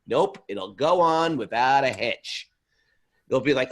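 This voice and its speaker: A man leading a casual scripture class, animated and joking, sometimes acting out little voices. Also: mid-range voice, measured pace. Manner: animated, jokey, acts out voices. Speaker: spiritual teacher.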